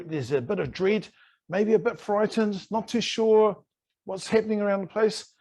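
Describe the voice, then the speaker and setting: Brief: a male New language teacher, playful and a touch high-voiced, drilling words over a video call. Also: moderate pace, darkish tone. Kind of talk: online language lesson.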